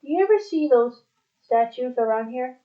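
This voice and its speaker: A chatty, giggly young woman coaxes her machine companion, as a woman plays her. Her voice is high and bounces all over. The recording sounds dull and lo-fi. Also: animated, moderate pace.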